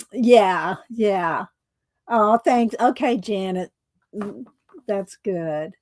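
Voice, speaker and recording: A woman's voice: medium pitch, sing-song, very slow, a little mellow, dry recording. A woman hosts a casual art livestream, chatting in a rambling way and laughing often. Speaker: art channel host.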